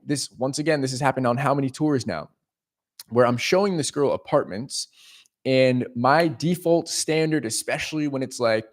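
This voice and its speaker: A young man on a livestream, casually telling a long, profane story and checking in with his viewers. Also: medium pitch. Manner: rambling, profane, self-interrupting with "right?". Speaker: leasing agent streaming to viewers.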